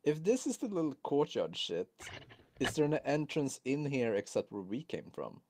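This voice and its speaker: A man's voice: medium pitch, moderate pace. A man playing in a tabletop game, chatting casually in a playful way. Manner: playful, animated. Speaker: player.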